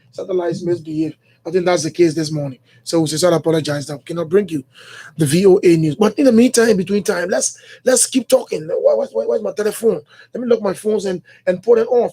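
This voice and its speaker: A Liberian man hosts a morning radio talk show in a studio, his voice sitting notably high for a man. He thinks out loud in a loose monologue, circling back to the same phrases and filling pauses with hesitant fillers and restarts. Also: breathy edge. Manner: rambling, repeats phrases, many fillers and restarts.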